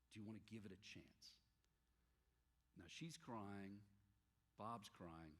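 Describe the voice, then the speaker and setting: Husky low-voiced guy preaching, telling stories with lots of back and forth, big echoey church hall. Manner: animated storyteller, acts out dialogue. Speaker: pastor. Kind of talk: sermon with storytelling. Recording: long hall reverb.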